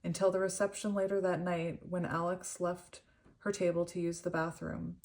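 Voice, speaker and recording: A woman's voice: on the low side, flat delivery, normal speed, a little mellow. Earnest young woman reading tarot meanings. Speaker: tarot reader.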